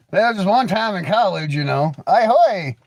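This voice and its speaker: A man's voice: sits high, dry recording. A man hosting a casual livestream, rambling, joking, laughing often and teasing viewers with crude banter. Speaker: livestream host.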